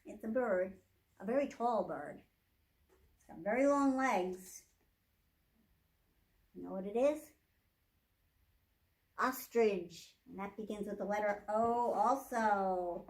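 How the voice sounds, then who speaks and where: A woman librarian reading a picture book aloud at a children's storytime, speaking gently to young children and asking them questions. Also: medium pitch, slow, long pauses. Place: public library.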